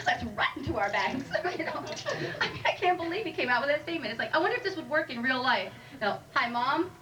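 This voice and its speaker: A woman's voice: sits high, sing-song, a little fast, pushed and bright. Wry woman doing stand-up, distant mic. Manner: wry, chatty, teasing the audience. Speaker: stand-up comedian. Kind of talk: stand-up comedy set. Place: comedy club stage. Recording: live room recording from a distant mic with audible noise.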